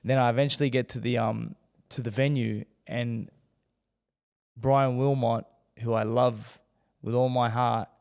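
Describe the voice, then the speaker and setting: A man's voice: mid-range voice, unhurried, vocal fry, smooth, big-room sound. A man, a former boxer telling his story as a podcast guest and acting out the voices he quotes. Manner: animated, acts out quoted voices. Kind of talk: candid storytelling in a podcast interview.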